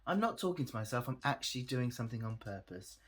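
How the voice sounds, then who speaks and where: Talking fast in a sing-song, medium-pitched voice, a weary man vlogs casually to his camera. Chatty and self-deprecating, he laughs a lot and lets his sentences trail off.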